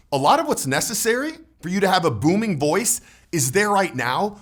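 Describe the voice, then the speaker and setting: Male voice coach selling to camera: emphatic, salesy, very animated delivery in a slightly high register. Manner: emphatic, salesy, shifts between loud punches and low drops. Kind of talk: persuasive direct-to-camera pitch.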